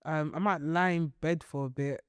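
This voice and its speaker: A young woman co-hosting a podcast in casual chat, playfully teasing and dropping low for asides. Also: fairly even intonation, moderate pace, clean tone, no echo. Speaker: podcast co-host.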